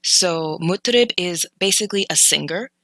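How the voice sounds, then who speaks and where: A woman's voice: lowish voice, expressive, moderate pace, sharp tone, dry recording, low-quality recording. Woman explaining words with a dry close sound. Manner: thinking aloud, hesitant, self-correcting. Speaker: language learner teaching vocabulary. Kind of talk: casual explanatory commentary.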